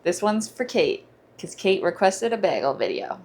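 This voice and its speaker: Young woman vlogger, goofy and chatty, slightly low voice, casual kitchen talk. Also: lively intonation, moderate pace. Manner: playful, sings nonsense and jokes while cooking. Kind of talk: casual kitchen vlog chat.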